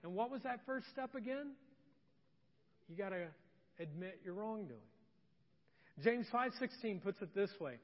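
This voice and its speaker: A pastor preaching a sermon, telling stories and dropping from loud to soft and intimate. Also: male voice, high voice, animated, a little slow, pauses often, in a large hall, muffled recording. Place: church sanctuary.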